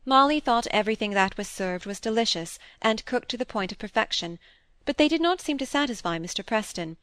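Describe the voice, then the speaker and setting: A woman reading a classic novel aloud as audiobook narrator, in a measured storytelling voice. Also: fairly high pitch, animated, a bit bright, clean tone, no echo. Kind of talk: scripted narration.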